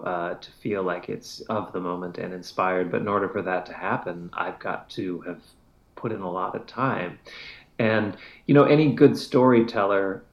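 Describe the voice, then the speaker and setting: A man's voice: lowish voice, echoey room, highs cut off. A man, a classical musician as an interview guest, answering thoughtfully and hedging with many fillers. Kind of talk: conversational interview.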